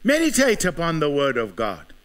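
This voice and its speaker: A man's voice: fairly high pitch, expressive, slow, fairly bright tone. A man with a South African accent preaching a sermon as pastor, building his points with repeated rhetorical questions.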